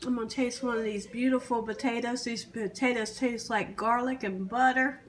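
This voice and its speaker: A woman hosting her cooking channel, tasting her food on camera with long humming sounds and sometimes dropping into an excited whisper. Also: a little high. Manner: savoring with long humming "mm"s, drawn-out and slow.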